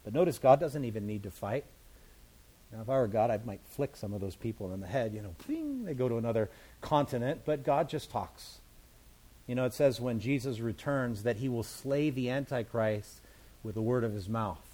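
A man's voice: medium pitch, animated, normal speed, mellow, breathy edge. A man giving a sermon, walking through scripture verse by verse in a conversational, plain-spoken way with playful asides. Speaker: pastor.

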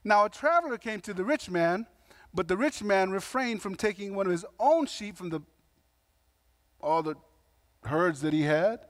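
A pastor of Samoan heritage preaches in a relaxed, conversational style, his voice high-pitched, moving at normal speed and pausing often. He mixes emphatic points with slangy asides and acted-out quotes. The recording is dry and close, with no room echo.

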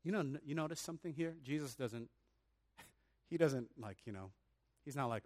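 A man's voice: medium pitch, normal speed, long pauses, darkish tone. A man preaching a sermon in an earnest, conversational way, often restarting his phrases and adding casual asides. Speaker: pastor.

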